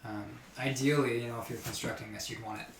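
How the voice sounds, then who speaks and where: A man's voice: medium pitch, fast talker. A man runs a tabletop game in an easygoing, rambling voice, circling back and stacking fillers as he sets each scene. He sounds set back from the mic in an echoey room with a faint hiss behind him. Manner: relaxed, hesitant descriptions with many fillers. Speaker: game master. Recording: roomy, distant mic with faint noise.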